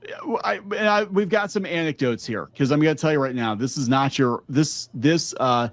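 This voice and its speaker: A man hosting a casual chat show as an artist. He speaks haltingly and often restarts his sentences. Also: on the high side. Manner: hesitant, halting, with many restarts. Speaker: host and artist.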